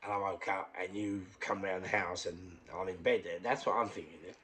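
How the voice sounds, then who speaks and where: Low-voiced London man telling a story. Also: fairly quick, slight background noise. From England. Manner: swings between hushed and loud, repeats phrases. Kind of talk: casual personal storytelling.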